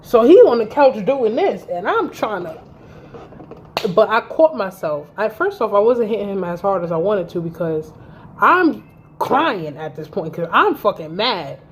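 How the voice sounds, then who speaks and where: A woman's voice: medium pitch, a little slow, slight background noise. Blunt, foul-mouthed woman vlogger. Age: around 30. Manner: blunt, heavy swearing, animated retelling. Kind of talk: storytime vlog, recounting a fight.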